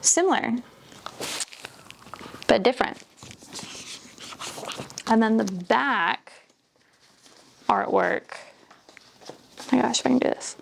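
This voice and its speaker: A woman with a slightly high voice talks slowly through an unboxing, lingering on each item. She gushes, gasps and slips into soft whispers over the things she loves. A faint hiss of noise sits under her voice. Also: huge pitch swings, gravelly. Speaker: book vlogger. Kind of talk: casual unboxing chat.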